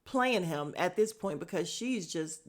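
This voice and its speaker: A woman's voice: on the low side, lively intonation, a little slow. A woman hosting a podcast, recapping in a casual, blunt and opinionated way, swearing freely, with lots of fillers and asides. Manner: chatty with frequent fillers and asides. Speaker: podcast host reviewing a reality dating show.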